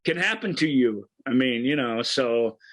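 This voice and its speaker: A man's voice: mid-range voice, lively intonation, a little slow, a bit bright, poor audio. A man co-hosting a film podcast, enthusiastically retelling scenes in a casual, rambling way with frequent restarts.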